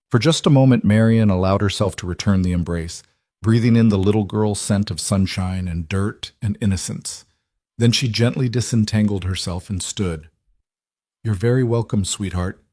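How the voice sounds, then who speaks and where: A man reading a romance story aloud as scripted narration, steady and even. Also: deep voice, no echo, clean studio sound. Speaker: audiobook narrator.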